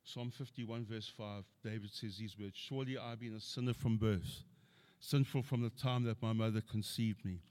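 A man's voice: lowish voice, fairly even intonation, moderate pace, a little mellow. A middle-aged man preaching a sermon, earnestly quoting scripture and building to emphatic points.

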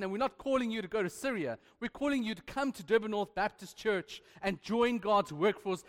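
A man's voice: sits high, fairly quick, few pauses, big-room sound. A man preaching a sermon as pastor, emphatic and playful, with repeated refrains and asides to the congregation. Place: church hall.

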